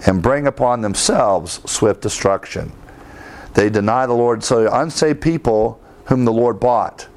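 A man giving a Bible lesson, reading verses aloud with emphasis and adding conversational asides. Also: mid-range voice. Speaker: Bible teacher. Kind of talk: theology lecture.

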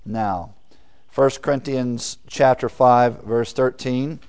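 A man preaching a sermon and teaching scripture verse by verse. He asks his listeners questions and answers them himself, leaning hard on key words and then dropping to quiet asides. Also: mid-range voice, slow pace, clean tone. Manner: emphatic, swings between loud stresses and quiet asides.

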